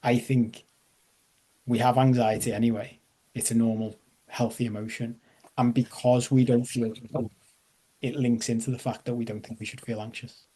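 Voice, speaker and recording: Male coach, mellow tone, casual joking masterclass delivery over a video call. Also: medium pitch, level tone, normal speed, husky. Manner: conversational, self-deprecating humor, checks in with audience. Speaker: life coach. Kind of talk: live online masterclass talk.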